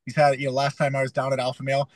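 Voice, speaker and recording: A man's voice: mid-range voice, completely flat delivery, rapid-fire, no echo, low-quality recording. A young adult man from Canada, a fighter and coach, telling a story in a casual interview and acting out his own past lines with energy.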